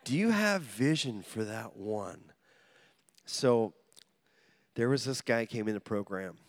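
Lively, animated preacher man. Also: on the low side, slow pace, no room sound. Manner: animated storytelling with call-and-response to the congregation; humorous, acts out quoted voices. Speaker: pastor. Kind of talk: sermon.

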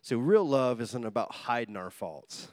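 A man's voice: mid-range voice, measured pace, dry recording, clean studio sound. A man preaching a sermon, telling funny stories and calling out to the congregation for responses. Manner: animated storytelling with call-and-response to the congregation; humorous, acts out quoted voices. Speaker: pastor.

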